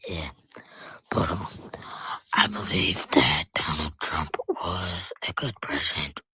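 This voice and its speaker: A man's voice: low-pitched, slow, bright, forceful tone, slightly rough. A man in his forties calling in, sleepy and hesitant, speaking in a near whisper. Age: 40s. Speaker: caller.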